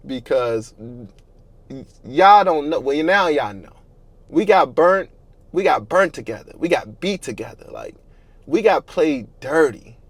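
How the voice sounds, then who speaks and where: A man's voice: on the high side, no echo. A young man telling a painful childhood story to his viewers in a casual, slangy, candid way, swearing often and growing heated. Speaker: storyteller vlogger.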